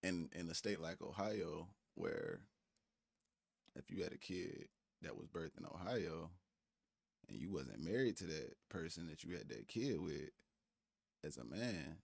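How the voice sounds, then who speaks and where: A man with a low, gravelly voice riffs on a casual stream, animated and profane. His commentary is peppered with laughing asides, and the sound is dry and close. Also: a little slow, long pauses, no echo. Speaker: stream co-host.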